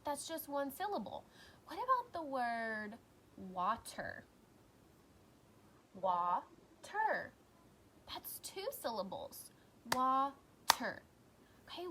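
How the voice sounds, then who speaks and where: A woman teacher records a lesson for young children, speaking slowly with a lively, rising and falling voice. She encourages warmly and sounds out each word with care. Faint noise sits behind her. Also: high-pitched. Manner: slow, encouraging, clearly sounding out words.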